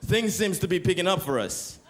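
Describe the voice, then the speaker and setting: High-voiced Canadian stand-up comedian, a man. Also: lively intonation, fairly quick.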